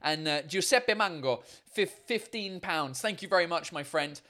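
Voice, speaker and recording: A man's voice: on the high side, normal speed, pushed and bright. A man hosting his own live stream show, chatting casually and swearing freely.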